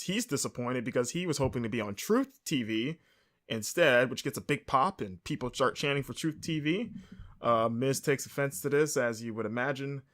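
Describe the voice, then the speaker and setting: A man's voice: mid-range voice, a bit bright. A man hosting a podcast, casually recapping a show on his own, rambling with lots of fillers and mid-sentence corrections. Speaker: podcast host.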